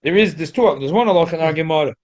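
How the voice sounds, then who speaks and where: Rapid-fire and animated, this man teaches Talmud in a rather high voice with a darkish tone. He repeatedly stumbles and restarts, and his emphasis shoots up without warning.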